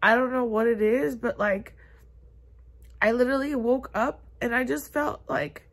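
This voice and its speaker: A young woman in her twenties talks to her phone camera from bed, upset and on the edge of tears. Her voice sits a little high. She stumbles through her thoughts in a halting, confessional way, filling gaps with "like" and "um". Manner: tearful, halting, many fillers. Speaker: vlogger. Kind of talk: confessional vlog. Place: bedroom, in bed.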